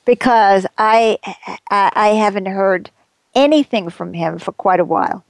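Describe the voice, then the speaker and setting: A woman's voice: medium pitch, unhurried, dry recording. A woman hosting a radio show, chatty and playful in casual talk.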